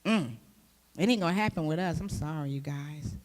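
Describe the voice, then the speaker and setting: Woman church speaker, conversational sermon, lively, pointed questions to the room, long hall reverb. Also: low-pitched, normal speed. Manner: lively, with rhetorical questions to the audience. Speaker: church speaker and youth teacher.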